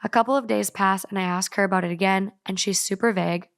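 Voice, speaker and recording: A woman co-hosting a casual podcast, reading a story aloud in a brisk, playful way. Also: medium pitch, fairly even intonation, vocal fry, no echo, studio quality. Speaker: podcast co-host.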